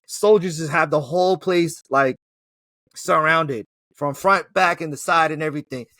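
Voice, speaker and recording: A man casually recapping an action movie in an excitable, slangy, profane storytelling way. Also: on the high side, normal speed, dry recording. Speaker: movie reviewer. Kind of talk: casual film recap chat.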